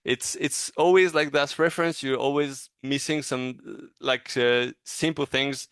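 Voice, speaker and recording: Male reviewer giving feedback, smooth clear voice, dry close sound, halting and encouraging. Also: medium pitch, steady tone, fairly bright tone, no echo. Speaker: animation reviewer. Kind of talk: casual teaching critique.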